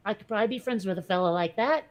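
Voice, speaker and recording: A woman's voice: medium pitch, lively intonation, very fast. A woman co-hosting a podcast in casual chat, blunt and wry, rambling through her thoughts. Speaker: podcast co-host.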